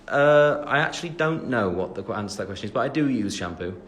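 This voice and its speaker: He's an English man in his twenties on a phone livestream, his medium-pitched voice animated, a little fast, and fairly bright, with few pauses and a slight hiss or hum. Replying to fans, he rambles through lots of fillers while joking about himself.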